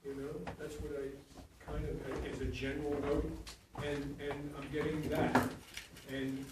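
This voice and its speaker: A man's voice: medium pitch, flat delivery, slow pace, far from the mic, heavy background noise. A man who teaches acting, giving frank notes to his students in a coaching manner. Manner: frank, blunt and coaching, with frequent restarts and "you know". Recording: very echoey room, voice from off the mic.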